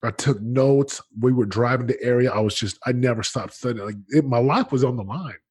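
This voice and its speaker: A man in his late thirties, a guest in an interview, telling his story in an energetic, emphatic way with lots of slang and restarts. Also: mid-range voice, a little fast, slightly rough. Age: late 30s.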